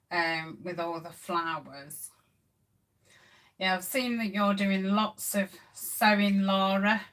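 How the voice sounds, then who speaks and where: A woman's voice: fairly low pitch, bright, forceful tone. A middle-aged woman hosting a casual craft live stream, chatting with viewers and reading their comments with plenty of ums. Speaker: craft channel host.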